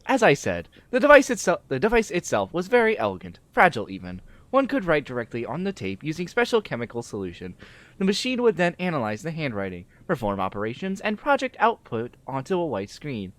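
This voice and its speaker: A streamer reading aloud the lines of a wistful male character from a game, in a measured, elegiac way. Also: medium pitch, huge pitch swings, dry recording.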